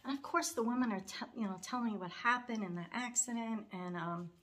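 A woman's voice: on the high side, a little fast, a bit bright. Heartfelt middle-aged woman vlogger, rambling. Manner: rambling and heartfelt, with frequent fillers and restarts; voice wavers toward tears, with nervous laughs. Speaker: cross-stitch vlogger. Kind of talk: casual chatty storytelling.

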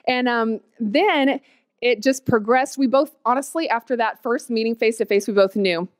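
A woman, telling her personal testimony in an animated, storytelling way. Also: on the high side, normal speed, dry recording, studio quality. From Oklahoma, USA. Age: 30s. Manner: animated storytelling, quotes herself with squeals and laughs.

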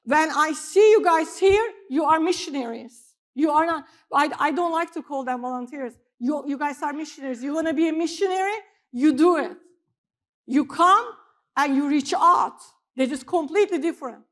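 High-voiced woman pastor preaching. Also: normal speed. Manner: animated storytelling, swings between loud emphasis and quiet asides. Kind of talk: sermon.

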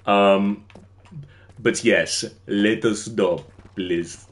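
A man's voice: on the low side, steady tone, very slow. Young English guy, gaming streamer, rambly and conversational, answers chat mid-game. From England. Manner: rambling, chatty, reads out and answers chat messages. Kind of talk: casual livestream chat while gaming.

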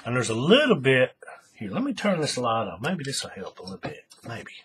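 A man's voice: mid-range voice, wildly swooping pitch, a little fast, a bit bright, a little hiss or hum. A man hosting a casual craft tutorial, thinking aloud as he works and often restarting his sentences. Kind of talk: casual how-to demonstration.

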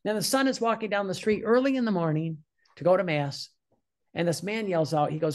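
A man's voice: a little high, moderate pace, gravelly, darkish tone. An older man, a priest, giving a fervent sermon and reading quoted passages aloud with emphasis.

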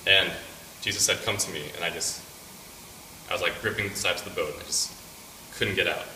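Give me a young man with a deep voice giving a loose personal testimony, heard from far off in a reverberant hall with faint noise. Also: fairly even intonation, fairly quick. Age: young adult. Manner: casual, rambling, many fillers. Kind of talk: personal testimony to a campus fellowship group. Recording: echoey room picked up from a distance.

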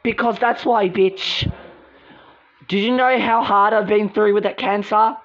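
A woman's voice: medium pitch, steady tone, unhurried, natural voice. A woman voicing a sullen, bitter young woman who swears curtly, in an amateur voice drama. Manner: curt and swearing. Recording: dull lo-fi recording.

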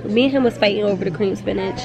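Young woman vlogger, playful, chatty, loud music behind. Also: medium pitch, fast talker, vocal fry. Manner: playful, chatty, swears casually. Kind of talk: casual vlog chat. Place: restaurant.

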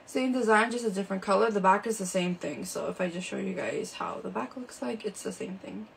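A woman's voice: medium pitch, a little fast, vocal fry, a little hiss or hum, rough recording. A woman hosting a live shopping stream, chatting casually and showing products with lots of fillers, indoors under a ring light.

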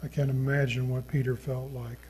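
A man preaching a sermon as a pastor, reading scripture in an earnest, slow manner that sinks to a hushed tone at solemn points. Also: medium pitch, level tone, a little hiss or hum, rough recording.

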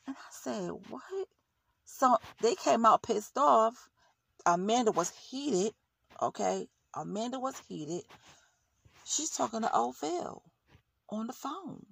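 A woman's voice: on the high side, animated, slow, vocal fry, fairly bright tone, breathy edge, no echo. A woman vlogger giving blunt, heated commentary on a reality show, ranting in casual slang.

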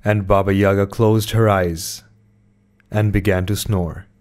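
Male storyteller, fairy tale reading, low voice, unhurried delivery. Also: little pitch movement, darkish tone. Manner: slow and measured. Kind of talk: scripted narration of a fairy tale.

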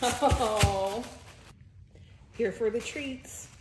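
A woman's voice: on the high side, drawn-out words, echoey room, noisy background. A woman filming her dogs' birthday at home, talking to them in a sing-song baby-talk voice. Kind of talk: casual home video chat.

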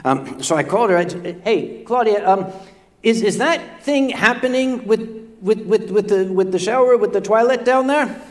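An older man with a notably high voice tells comic stories to a live audience from a stage. He is self-deprecating and often stammers, repeating words as he finds his way. He speaks into a stage microphone. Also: expressive, normal speed. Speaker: on-stage storyteller. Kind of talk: comedic stage storytelling.

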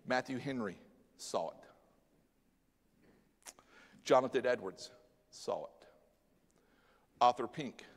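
A male pastor preaching a sermon, animated and dramatic, mixing Bible story with casual slang. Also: mid-range voice. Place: church sanctuary. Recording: long church hall reverb.

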